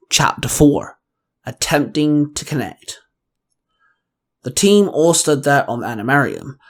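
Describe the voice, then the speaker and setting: A man's voice: medium pitch, animated, slow, long pauses, faint music behind. Male storyteller reading fan fiction aloud. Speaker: host and fan fiction reader.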